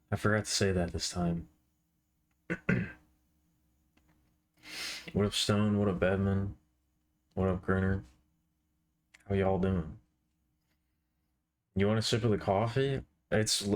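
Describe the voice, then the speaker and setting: A man streaming live while he draws, chatting casually and playfully with viewers. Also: on the low side. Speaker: art streamer.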